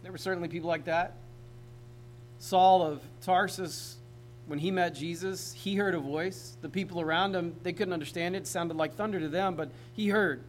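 A man's voice: high-pitched, steady tone, moderate pace, slight background noise, low-quality recording. A man preaching a sermon in a casual, conversational way, often asking the congregation questions. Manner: conversational, talks straight to the congregation. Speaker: pastor.

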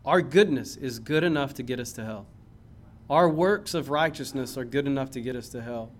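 A man preaching a sermon in a church, impassioned, swinging from loud emphasis to low earnest tones. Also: normal speed, slight background noise. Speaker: pastor.

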